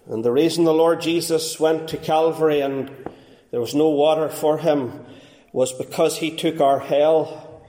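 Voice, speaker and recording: A man preaching a fervent sermon as pastor, swinging between quiet and raised passages. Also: on the high side, fairly even intonation, a little slow, echoey room. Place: church.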